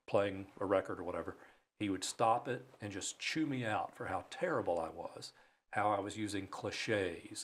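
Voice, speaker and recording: A man from Alabama, a broadcaster guest, telling lively, self-mocking stories in a studio interview. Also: on the low side. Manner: animated, self-mocking storyteller. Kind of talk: storytelling in a talk show interview. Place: radio studio.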